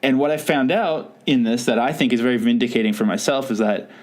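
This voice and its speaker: A man's voice: medium pitch, fairly quick, a little mellow. Rambling, self-amused man hosting a podcast. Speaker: podcast host. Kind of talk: casual chat.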